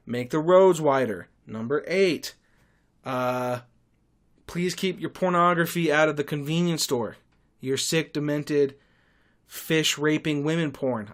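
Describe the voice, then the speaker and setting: Ranting sarcastic man hosting a podcast. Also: fairly high pitch. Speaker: podcast host. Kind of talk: solo podcast monologue.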